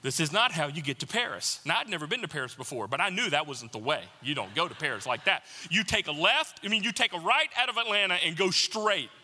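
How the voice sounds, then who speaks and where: A man with a fairly high, very bright and forceful voice preaches a sermon. He tells a personal story with animated, comic mock panic, then slows into an earnest appeal. His voice rings with a long reverb, as in a large hall. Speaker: pastor.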